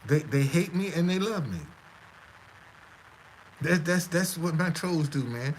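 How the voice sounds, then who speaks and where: A man's voice: on the high side, lively intonation, unhurried, a little hiss or hum, poor audio. A man hosting a live stream, talking to his audience in a stammering, repetitive, defiant way. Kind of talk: casual live-stream monologue.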